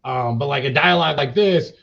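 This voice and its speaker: A man's voice: mid-range voice, a little fast, gravelly, a bit bright. A man being interviewed as a company chief, talking in a blunt, profane, rambling way full of fillers. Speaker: cannabis company CEO, interview guest. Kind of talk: casual interview talk. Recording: dull lo-fi podcast audio.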